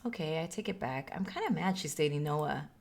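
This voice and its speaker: A woman's voice: deep voice, animated, a little fast, vocal fry, darkish tone, pitched below the performer's own voice, full character voice. A woman reading the lines of an upset teenage girl from a video game, rambling, hurt and exasperated. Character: upset teenage girl venting about friends.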